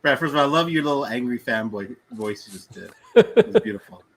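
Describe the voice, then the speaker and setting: A man's voice: mid-range voice, sing-song, a little fast, vocal fry. A man co-hosting a podcast, chatting casually in a playful, teasing way. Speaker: podcast co-host. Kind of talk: casual chat.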